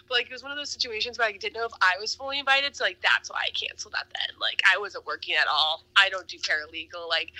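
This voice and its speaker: A woman's voice: medium pitch, low-quality recording. A young woman co-hosting a podcast, telling a dating story with lots of laughter and "like" fillers. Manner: laughing, animated, valley-girl fillers. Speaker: podcast co-host. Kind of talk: casual storytelling.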